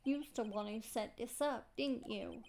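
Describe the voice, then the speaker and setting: A woman doing a gruff Brooklyn thug. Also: on the high side, measured pace, darkish tone, slight background noise. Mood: menacing. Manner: rough, threatening, bad grammar. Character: gruff male loan-shark thug, hot-headed.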